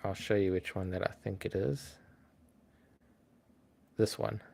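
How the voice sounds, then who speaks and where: A man hosting a casual livestream, talking to his chat in a relaxed, chatty way with frequent ums. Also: sits low, a little slow, gravelly. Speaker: livestream host.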